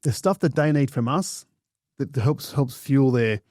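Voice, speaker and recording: A man's voice: medium pitch, lively intonation, a little slow, a little mellow, dry recording, studio quality. A man co-hosting a podcast in a chatty, questioning way, with crude jokes now and then. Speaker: podcast co-host. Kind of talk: casual podcast chat.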